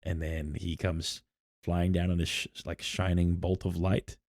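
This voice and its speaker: Brief: male podcast co-host, very low voice, rambling, dry close mic. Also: little pitch movement, a little slow, darkish tone, no room sound. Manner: rambling storyteller with many "like" fillers and restarts. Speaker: podcast co-host and game master. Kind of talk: casual chat about tabletop campaigns.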